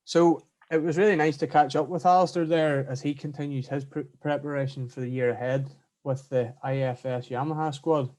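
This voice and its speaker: A man's voice: a little high, steady tone, a little fast, darkish tone. A man, hosting a motorsport podcast, making friendly links between segments and handing over to his co-host.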